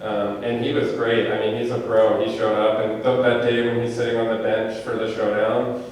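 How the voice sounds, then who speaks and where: A man's voice: on the low side, level tone, a little mellow, slight background noise. A man, a film director, answering audience questions at a screening in a casual, rambling way with lots of fillers. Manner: chatty, rambling with fillers and quick asides. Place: movie theater auditorium. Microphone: handheld microphone. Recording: echoey theater heard from far off.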